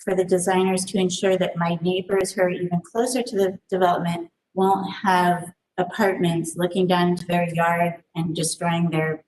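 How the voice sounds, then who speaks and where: A woman who lives nearby, giving public comment at a planning meeting in a measured, hesitant way. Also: on the low side, level tone, darkish tone. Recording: distant mic with faint noise.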